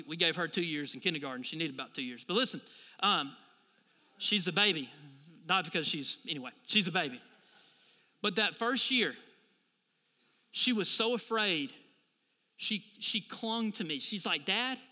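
A man's voice: fairly high pitch, moderate pace, pauses often, bright, forceful tone, in a large hall. A man in his thirties preaching a sermon as a pastor, talking conversationally and asking the congregation for responses.

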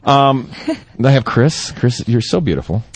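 A man's voice: medium pitch, animated, a little slow, husky, no room sound. A man hosting a live talk radio show from a studio mic, playful and teasing, laughing often as he banters with guests. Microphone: studio broadcast mic.

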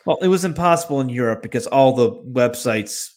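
A man's voice: mid-range voice, lively intonation, fairly quick, a little mellow. A man from the United States co-hosting a podcast, answering in plain casual banter and laughing easily. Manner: laughs easily, plain matter-of-fact replies. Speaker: podcast co-host.

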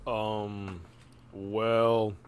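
A man co-hosting a comedy podcast, rambling profanely and acting out shouted voices in his stories. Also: fairly low pitch, flat delivery, very slow, a little hiss or hum. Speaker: podcast co-host. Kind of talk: casual comedic chat.

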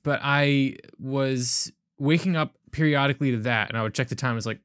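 A young man chatting casually and rambling sleepily through his story. His voice sits at an ordinary middle pitch. It is recorded dry and close, with no room sound. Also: fairly even intonation, brisk, a bit bright, smooth, dry recording. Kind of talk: casual chat.

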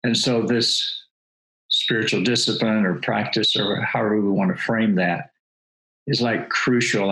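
An older man, a guest and former missionary, telling stories in a thoughtful, measured way. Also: fairly low pitch, fairly bright tone, low-quality recording. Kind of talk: reflective interview talk.

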